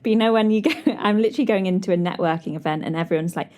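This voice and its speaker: Chatty British woman, low voice. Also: rapid-fire. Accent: British English. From Britain. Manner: animated storyteller, laughs often, acts out quoted people. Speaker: podcast host. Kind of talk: chatty solo podcast storytelling.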